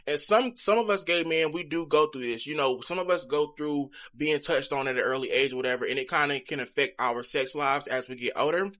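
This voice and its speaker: Young man, candid vlog talk, speaks straight to viewers, bright forceful tone. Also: mid-range voice. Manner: chatty, candid, addresses viewers directly. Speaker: vlogger. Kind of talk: casual confessional vlog.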